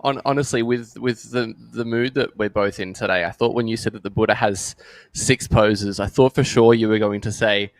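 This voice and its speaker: A man's voice: fairly low pitch, steady tone, normal speed, few pauses, no echo. A man doing live poker commentary in a playful, teasing way. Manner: playful, teasing, laughs easily.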